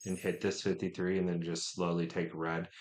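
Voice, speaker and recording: A man streaming a strategy game, thinking out loud, muttering to himself and trash-talking opponents. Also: low-pitched, flat delivery, moderate pace, background noise. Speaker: gaming streamer. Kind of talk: live gameplay commentary.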